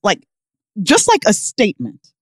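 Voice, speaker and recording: A woman co-hosting a podcast, telling a comic story with emphatic, animated delivery and frequent laughter. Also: mid-range voice, measured pace, slightly rough, no echo, clean studio sound. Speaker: podcast co-host. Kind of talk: casual comedic storytelling.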